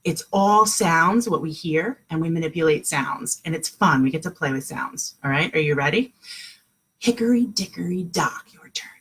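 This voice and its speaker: A woman teaching a kindergarten class online from home, speaking slowly and clearly in a sing-song, encouraging way for small children. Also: sits low, a bit bright.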